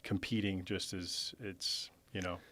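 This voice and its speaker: A man's voice: low-pitched, little pitch movement, measured pace, sharp tone, no echo. A man hosting a podcast, talking in a loose, rambling way full of fillers. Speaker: podcast host, former player. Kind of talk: casual chat.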